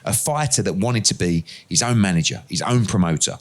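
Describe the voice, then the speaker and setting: A middle-aged man, an interview guest, telling lively anecdotes and acting out the dialogue in them. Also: low voice, a little fast. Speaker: interview guest, boxing promoter. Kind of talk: conversational storytelling.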